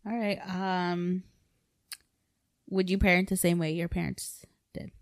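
A woman's voice: on the low side, fairly even intonation, a little slow, dry recording, studio quality. A woman co-hosting a podcast, chatting casually in a blunt, outspoken way and swearing freely. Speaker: podcast co-host. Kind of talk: casual chat.

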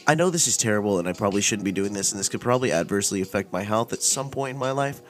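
A man's voice: lowish voice, animated, racing, faint music behind. Laid-back, rambling male storyteller. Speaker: podcast host. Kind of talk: casual storytelling podcast.

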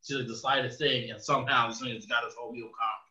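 A man telling a funny story in casual chat, laughing and climbing high and loud in the quoted lines. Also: fairly even intonation, fast talker. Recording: echoey room, far from a dull mic.

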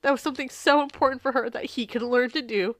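A woman co-hosting a casual podcast talks in a fairly high voice, teary and stuffy-nosed from crying. She swears freely and gets emotional as she chats. The sound is dry and close. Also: steady tone, fast talker, no room sound. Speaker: podcast co-host. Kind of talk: casual chat.

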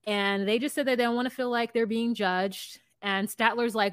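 Brief: woman podcast co-host, blunt and swearing, animated chatter, close dry mic. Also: on the high side, normal speed, clear, resonant tone, no room sound. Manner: blunt, profane and animated, often laughing. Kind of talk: casual recap chat.

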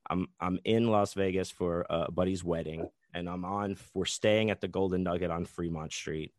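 A man's voice: deep voice, steady tone, normal speed, no echo, studio quality. A man guesting on a podcast, telling a rambling, profane anecdote full of restarts and asides.

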